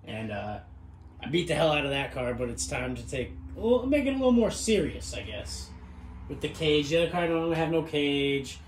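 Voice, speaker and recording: A man's voice: a little high, sing-song, normal speed, very noisy. A man giving a casual, rambling tour of his car in a small home garage, swearing freely as he talks. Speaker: garage vlogger. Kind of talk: casual walkaround chat.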